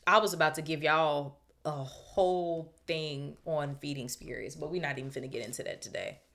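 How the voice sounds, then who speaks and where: A woman with a low voice reads a novel aloud for her podcast. She breaks off into chatty, slangy commentary, then goes back to the page. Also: moderate pace, gravelly, a bit bright. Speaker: podcast host reading aloud. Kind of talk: book reading with casual commentary.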